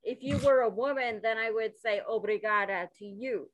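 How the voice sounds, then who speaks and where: A woman's voice: fairly high pitch, moderate pace, no room sound. A woman speaking as a guest on a podcast over a remote call, in good-humored casual conversation.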